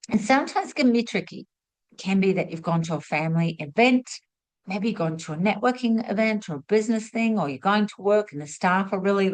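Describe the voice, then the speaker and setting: A woman's voice: medium pitch, poor audio. Chatty woman with a mid-range voice. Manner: chatty and expressive, acts out little quotes. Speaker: spiritual teacher hosting a masterclass. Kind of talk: motivational talk to camera.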